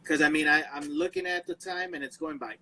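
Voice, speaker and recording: A man's voice: fairly high pitch, steady tone, a little fast, pushed and bright, low-quality recording. A young man hosting a casual podcast, laid-back and slangy, swearing in passing. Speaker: podcast host.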